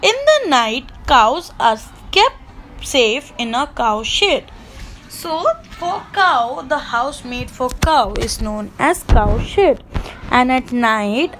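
A woman with an Indian English accent, teaching an online class to young children in a slow, sing-song way. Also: sits high, slight background noise, poor audio. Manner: slow, sing-song, mimics animal sounds for kids.

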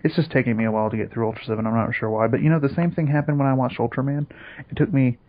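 A man with a mid-pitched voice co-hosts a podcast in easy, laid-back chat, dropping casual swears. The sound is dull and lo-fi. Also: fairly even intonation, rapid-fire. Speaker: podcast co-host.

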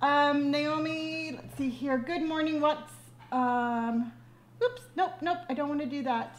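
Woman, 50s, high-pitched, live stream host, effusive casual chat, reads viewer comments, built-in device mic. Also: slow pace, slight background noise. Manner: chatty and effusive, many ums and restarts. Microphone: device's built-in mic, no external microphone.

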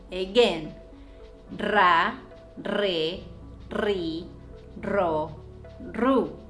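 A young woman giving a language lesson, saying each word twice with clear, careful enunciation before its English meaning. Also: mid-range voice, a bit bright. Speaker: Spanish teacher.

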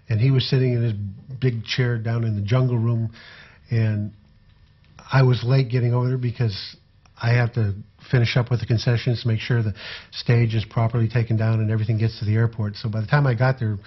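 An older man, a former tour manager, telling personal anecdotes in a relaxed, halting way. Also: medium pitch, husky, muffled recording. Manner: relaxed, halting storyteller with fillers.

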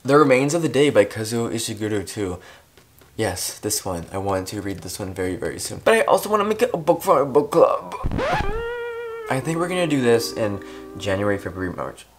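A man's voice: on the low side, big pitch swings, brisk, over music. A man vlogging in a rambling, self-deprecating casual chat, cursing freely as he goes. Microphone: clip-on or desk mic.

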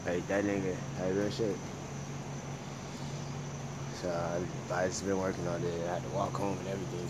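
A young man ranting profanely in a casual vlog, swinging between low mumbling and loud shouting. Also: level tone, fast, very noisy. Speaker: vlogger.

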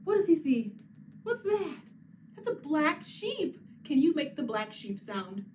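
High, lively storytelling woman, slow and sing-song. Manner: sing-song, encouraging, talks to unseen children and makes animal sounds. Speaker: children's librarian. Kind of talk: reading a picture book aloud to young children. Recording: distant mic with faint background noise.

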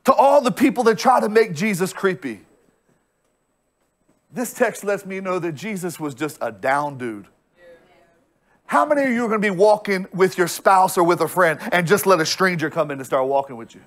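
A man preaching a lively sermon as pastor, conversational and funny, acting out characters and building to shouts. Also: high voice, moderate pace. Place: church sanctuary.

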